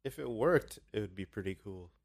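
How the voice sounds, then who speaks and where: A man with a fairly low voice chatting casually on a podcast. He talks haltingly and swears often. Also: expressive, vocal fry. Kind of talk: casual chat.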